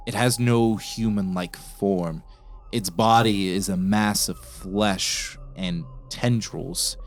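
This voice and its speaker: Deep-voiced man running a tabletop game. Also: a little hiss or hum. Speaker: game master.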